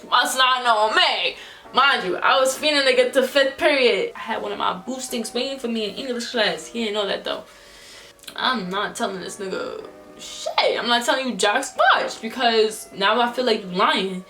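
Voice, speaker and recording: A woman's voice: on the high side, moderate pace, faint music behind. A young woman vlogger telling a storytime in casual slang, acting out the people she quotes. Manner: animated, slangy, acts out quotes in different voices. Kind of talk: storytime vlog.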